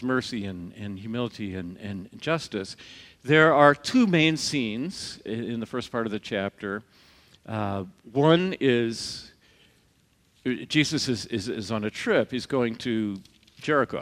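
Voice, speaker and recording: A man's voice: mid-range voice, a bit bright. A man preaching a conversational sermon, telling stories and acting out the quoted voices. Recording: long reverb of a large hall.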